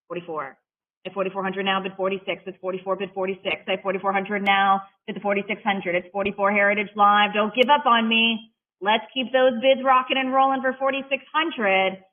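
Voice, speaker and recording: An auctioneer calling bids at a live auction in a rapid-fire chant, mixing in playful patter between the numbers. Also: mid-range voice. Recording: tinny phone-like audio.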